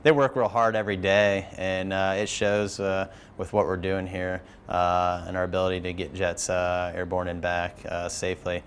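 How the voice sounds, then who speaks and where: A man from the aircrew recalling an incident in an interview, speaking haltingly with many fillers. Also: low-pitched, little pitch movement, slight background noise. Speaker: aircrew member recounting an incident. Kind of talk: interview recollection.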